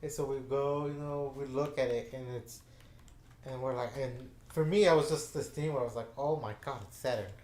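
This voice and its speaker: A man's voice: mid-range voice, fairly even intonation, normal speed, a little mellow. Rambling man telling a story in an echoey room. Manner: rambling, with many fillers and restarts. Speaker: gaming channel host. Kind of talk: casual storytelling chat.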